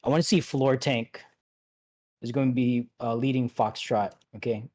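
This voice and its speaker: A man leading an online game raid, giving relaxed instructions with many fillers and restarts. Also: mid-range voice, normal speed. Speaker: raid leader. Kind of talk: casual instructions over voice chat.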